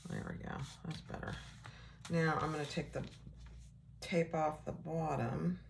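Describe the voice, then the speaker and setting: A woman giving a casual sewing tutorial, relaxed and chatty, thinking aloud as she works. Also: deep voice, a little slow, gravelly, slight background noise. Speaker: sewing instructor.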